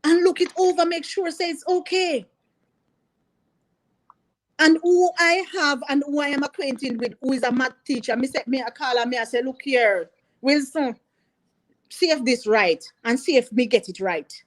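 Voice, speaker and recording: A woman with a Jamaican accent, a teacher, speaks earnestly to parents in a high-pitched voice at normal speed, and the recording is rough. She is emphatic, repeating her points and mixing in patois during this impassioned talk.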